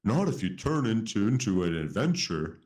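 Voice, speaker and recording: A man's voice: lowish voice, very animated, moderate pace, a little mellow, voice pushed up. A man voicing a wise, kindly old owl in a storybook read-aloud, in a raised sing-song voice.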